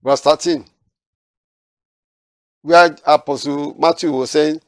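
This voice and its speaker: A man's voice: medium pitch, normal speed, dry recording, studio quality. A man teaching a Bible study, reading verses aloud and then explaining them, with frequent restarts.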